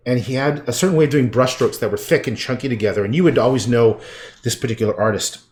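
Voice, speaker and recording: A middle-aged man from Canada chatting casually while painting, with rambling, profane asides that often trail off quietly. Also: mid-range voice, fast talker, slight background noise. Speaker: livestreaming painter.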